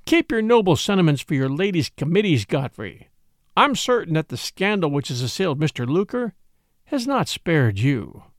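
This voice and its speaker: A fierce, proud young woman speaks with a sneering edge, as a man reads her aloud. Her voice rides high and swings widely. The sound is dry and close. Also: very animated, normal speed, no room sound. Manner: sharp, sneering, then frantic.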